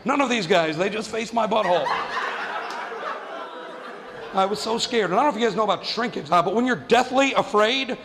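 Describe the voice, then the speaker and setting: Stand-up man, high voice, profane self-mocking storyteller, reverberant hall. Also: lively intonation, fairly quick, creaky, pauses often. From New Mexico. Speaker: stand-up comedian.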